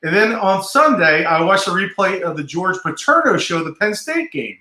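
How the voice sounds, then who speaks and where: Male guest from New Jersey, high bright voice, chatty, roomy sound. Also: sing-song, normal speed. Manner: chatty, storytelling, fatherly. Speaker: podcast guest. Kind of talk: casual interview chat.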